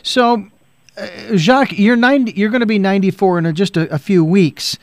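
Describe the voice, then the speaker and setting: A man's voice: sits high, normal speed, dry recording, studio quality. A male radio host who asks long, meandering questions with plenty of fillers. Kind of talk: casual interview.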